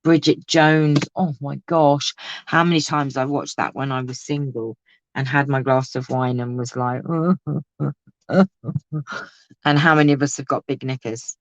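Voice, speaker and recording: A woman's voice: very deep voice, fairly even intonation, unhurried, lo-fi sound. Chatty woman, exclamatory crafter. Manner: chatty, exclamatory, laughs often. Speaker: crafting vlogger. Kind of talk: casual live crafting chat.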